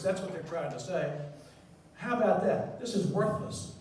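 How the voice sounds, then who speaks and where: A man's voice: high-pitched, lively intonation, moderate pace, distant mic, slight background noise. Emphatic man lecturing in an echoey hall. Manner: emphatic, repeats key words, swings loud and soft. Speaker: surgeon lecturing on presenting. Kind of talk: conference talk. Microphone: handheld mic.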